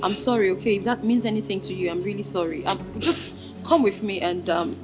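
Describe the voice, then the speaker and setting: A woman's voice: mid-range voice, fairly quick, natural voice. Lady doing a stern mom, bossy and proud, film music under her. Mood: placating. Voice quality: stern, commanding. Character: overprotective middle-aged mother, stern and proud. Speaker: mother. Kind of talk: Nollywood film acting. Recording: film score under dialogue.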